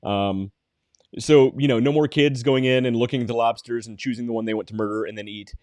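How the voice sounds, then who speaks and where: A man co-hosting a podcast, joking around in casual banter with deadpan mock-serious news. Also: mid-range voice, a little fast, no room sound, clean studio sound. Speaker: podcast co-host.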